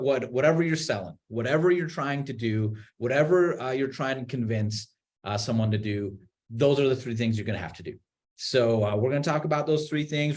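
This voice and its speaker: A man on a video call webinar, explaining real estate marketing in an animated way, with many restarts and repeated words. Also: mid-range voice. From Utah. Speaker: marketing executive guest.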